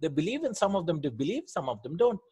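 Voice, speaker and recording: Husky-voiced man teaching Arabic grammar. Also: fairly high pitch, sing-song, fast talker, warm tone. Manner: explains patiently, often asks "right?", repeats words. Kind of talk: Quranic Arabic grammar lesson.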